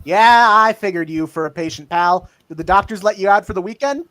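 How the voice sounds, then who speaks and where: A man's voice: sits high, fairly quick, a bit bright. A man voicing a cocky, wisecracking young male superhero while reading a comic aloud.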